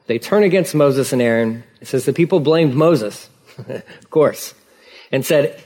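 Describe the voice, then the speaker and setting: A male pastor preaching a sermon in a casual, conversational way, acting out dialogue with lively emphasis. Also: mid-range voice, a little slow.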